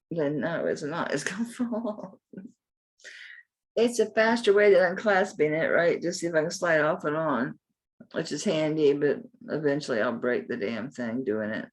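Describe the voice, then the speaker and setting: An older woman selling jewelry on a live stream, rambling and talking to herself as she looks items up, with some mild cursing. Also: sits low. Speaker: jewelry seller. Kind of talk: live sale, chatty self-talk while looking up items.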